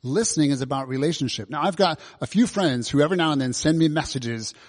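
A man's voice: fairly high pitch, fast talker, a little mellow. Man preaching in a reverberant hall. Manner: conversational, asks many questions. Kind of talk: sermon. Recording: long reverb of a large hall.

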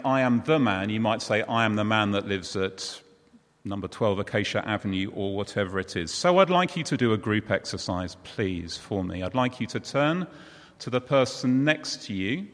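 A man's voice: fairly low pitch, a bit bright, long reverb tail. A man preaching in a chatty way, talking with the congregation. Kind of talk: sermon.

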